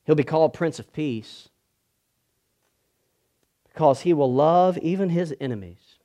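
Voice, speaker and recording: A man preaching a sermon as pastor, moving from hushed, slow passages to loud, emphatic ones. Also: fairly high pitch.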